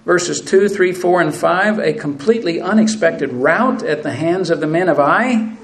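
On a low-quality recording, a man with a somewhat high, expressive voice preaches a sermon at a moderate pace. He earnestly reads scripture aloud with rising intensity and addresses the congregation as brethren.

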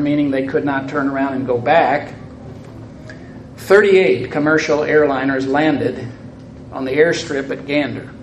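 An older man speaking to a congregation, telling stories and reading aloud at a measured, unhurried pace, his phrases trailing off softly. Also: medium pitch, echoey room, a little hiss or hum, low-quality recording. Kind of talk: storytelling talk with reading aloud.

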